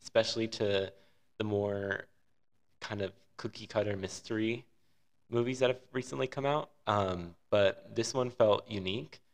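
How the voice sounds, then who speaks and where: Low-voiced man reviewing a film casually. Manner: rambling, enthusiastic opinions. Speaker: podcast co-host.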